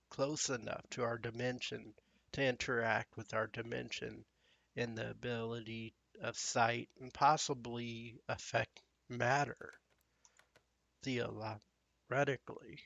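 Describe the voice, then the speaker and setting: A man's voice: medium pitch, gravelly, a bit bright, no echo. A man hosting a gaming channel, rambling and musing aloud in casual commentary while he plays.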